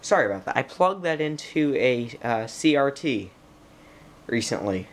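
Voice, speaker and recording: A man's voice: medium pitch, animated, moderate pace. A young man narrating an unboxing at home, rambling and talking to himself and the computer, getting frustrated while it loads. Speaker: tech vlogger. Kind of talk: casual unboxing commentary.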